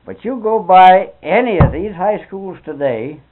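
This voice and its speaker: Älterer Mann, erzählt derb, blechern. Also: male voice, high-pitched, lively intonation, measured pace. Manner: folksy, colloquial, swears mildly. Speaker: interviewee. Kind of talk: rambling anecdotal storytelling. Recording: tinny narrow-band old tape.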